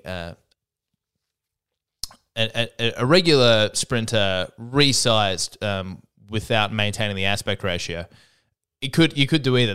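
Rambling man with a smooth voice. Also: fairly low pitch, fairly bright tone. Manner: rambling, self-interrupting, wry asides. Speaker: podcast host. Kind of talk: solo comedic podcast monologue.

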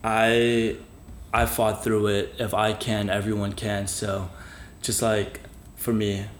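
Flat, low young man in an echoey room. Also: slow. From Philippines. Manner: earnest, reflective, many fillers. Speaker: podcast co-host. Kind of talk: casual chat. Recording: roomy echo, light noise.

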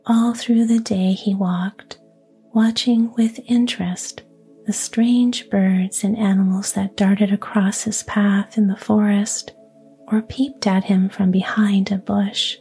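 A woman reads a fairy tale entirely in a whisper. Her voice is breathy, mellow and very unhurried, with soft music underneath. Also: medium pitch, fairly even intonation. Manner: whispers throughout. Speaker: storyteller.

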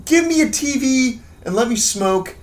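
A man's voice: very high voice, expressive, unhurried. A young man co-hosting a podcast, trading crude, joking banter and riffing on silly bits. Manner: jokey, riffs on bits and silly accents. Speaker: podcast co-host.

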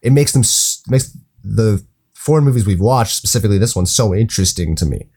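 Low-voiced man rambling about a film. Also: expressive, fairly quick, a little mellow, slightly rough. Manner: rambling, hesitant, many "um"s and restarts. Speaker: podcast co-host. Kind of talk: casual movie podcast chat.

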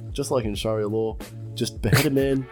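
A man's voice: medium pitch, fairly even intonation, a little fast, over loud music. A young Australian man co-hosting a podcast, reading quiz questions aloud with frequent laughter and casual swearing. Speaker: podcast co-host.

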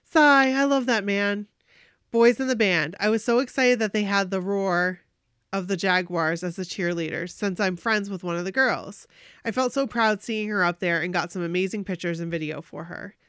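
A woman co-hosting a podcast, reading a fan's story aloud in an animated way. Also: medium pitch, normal speed, clean tone, dry recording, clean studio sound.

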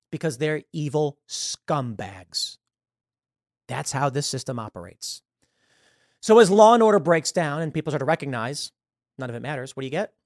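A man hosting political commentary, talking in an animated and scornful way. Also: a little high, gravelly, dry recording, clean studio sound. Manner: animated, acts out quoted voices, scornful. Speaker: show host.

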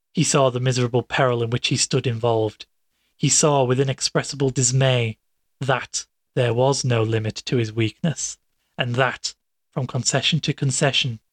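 Husky male audiobook narrator. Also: medium pitch, no room sound. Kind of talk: audiobook narration of a classic tale.

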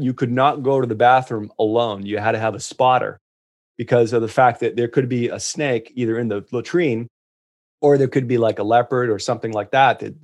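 A man telling travel stories as a guest in casual chat, restarting often and getting lively in the punchlines. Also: mid-range voice. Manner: animated storyteller, many restarts.

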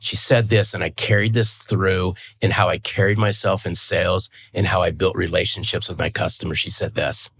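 A man's voice: low voice, level tone, normal speed, few pauses, a bit bright, husky. A man in his fifties, a guest in an interview, talking earnestly and with emphasis, often restarting and repeating words. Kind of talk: conversational interview.

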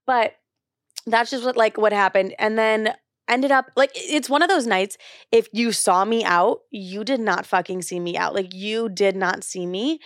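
A woman's voice: medium pitch, moderate pace, no room sound. Young woman, podcast host, casual confessional chat, swears a lot, filler-heavy, dry close mic. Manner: chatty, swears freely, heavy use of "like".

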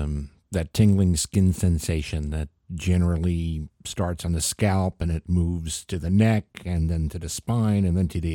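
A man hosting a radio comedy show, delivering a wry, scripted monologue with deadpan asides. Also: sits low, no room sound, clean studio sound. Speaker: comedy podcast host.

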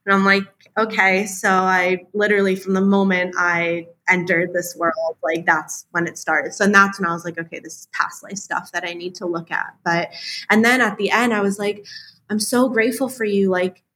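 A woman talking as a podcast guest in a relaxed chat, full of fillers and acting out the things she said in her head. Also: mid-range voice, moderate pace. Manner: chatty, many fillers, acts out her own inner dialogue. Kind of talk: casual storytelling interview.

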